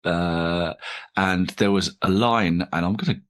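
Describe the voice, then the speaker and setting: A man in his forties with a very low, deep voice, chatting as a comedian guest in an interview. He rambles and restarts often, joking at his own expense and breaking into laughs, in an easygoing, casual way. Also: unhurried, fairly bright tone. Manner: rambling, self-deprecating, frequent restarts and laughs.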